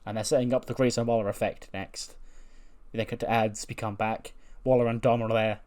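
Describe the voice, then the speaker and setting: A man's voice: fairly low pitch, steady tone, a little fast, darkish tone. A man casually narrating a wrestling simulation playthrough, rambling with fillers. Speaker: game commentator.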